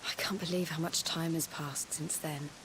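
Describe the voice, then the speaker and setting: An actress playing a gentle young noblewoman who speaks softly and earnestly. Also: sits low, steady tone, moderate pace, background noise, lightly acted. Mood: wistful. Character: young noblewoman, the hero's gentle foster sister. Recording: game audio over clear music.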